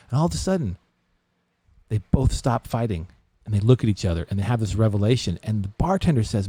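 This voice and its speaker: A man hosting a podcast, telling a long crude joke in a casual, animated way. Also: fairly low pitch, fast talker, breathy edge, no room sound. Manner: animated storyteller with crude humor. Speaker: podcast host.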